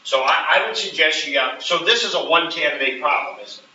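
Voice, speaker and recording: Man teaching class, bright and distant. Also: a little high, animated, brisk, slight background noise. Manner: explains step by step, checks in with frequent "right?". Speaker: math teacher. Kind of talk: classroom lecture. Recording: roomy, distant, dull classroom recording.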